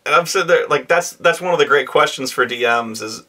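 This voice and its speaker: Bright-voiced man swearing through a game story. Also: on the high side, fast talker, few pauses. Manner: profane, animated, acts out players in raised voices. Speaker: host telling a tabletop game story. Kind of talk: casual storytelling monologue.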